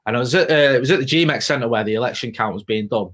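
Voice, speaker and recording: Manchester bloke in his 30s, podcast chat, rattles along quick, swears a lot. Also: medium pitch, fairly bright tone. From Greater Manchester, England. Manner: chatty storyteller, swears freely, laughs often. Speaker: podcast co-host, former reporter.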